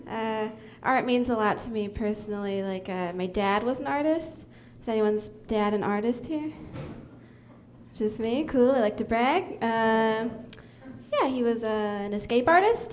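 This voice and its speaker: A young woman delivers a deadpan stand-up set through a stage mic, her fairly high voice dotted with ums and uhs. A faint hum of the room sits under her. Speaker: stand-up comedian. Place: comedy club stage.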